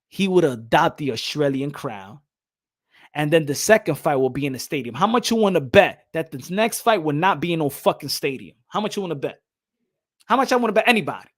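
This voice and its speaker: Animated, high-pitched ranting man. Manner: animated, profane, repeats himself, mocks with put-on voices. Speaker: boxing commentary host. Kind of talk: casual ranting commentary.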